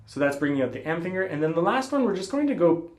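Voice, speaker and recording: A man giving a classical guitar lesson, explaining technique calmly and patiently and calling out finger letters. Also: on the high side, fast talker. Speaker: guitar teacher. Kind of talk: spoken instruction between playing. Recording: roomy sound with guitar playing.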